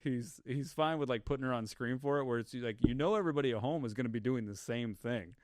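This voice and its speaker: A man's voice: medium pitch, fast, darkish tone, a little hiss or hum. A man hosting a casual horror podcast, recapping a film in a rambling way with plenty of fillers and laughs. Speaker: podcast host.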